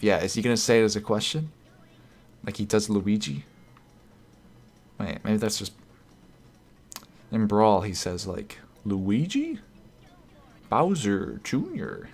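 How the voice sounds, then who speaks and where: A man streaming live, chatting casually and reading out viewer comments, rambling and correcting himself. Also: lowish voice. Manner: rambling, self-correcting, chuckles often.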